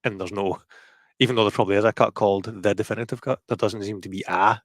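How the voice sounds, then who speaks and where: Low-voiced Glaswegian man, dry sound. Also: fairly even intonation, fast talker, no room sound. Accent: Glaswegian, softened. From Scotland. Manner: rambling, restarts, self-deprecating. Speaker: guest commentator. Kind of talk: casual watch-party chat.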